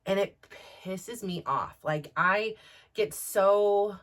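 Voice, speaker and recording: A woman in her forties hosts a podcast, delivering a candid personal monologue in a slow, mid-range voice. She rambles, restarting her sentences often.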